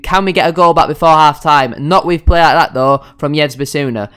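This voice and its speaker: Smooth-voiced man calling a football game. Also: fairly high pitch, a little fast, few pauses, a bit bright. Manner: frustrated, self-critical play-by-play. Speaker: gaming YouTuber. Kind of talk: commentating a football management game.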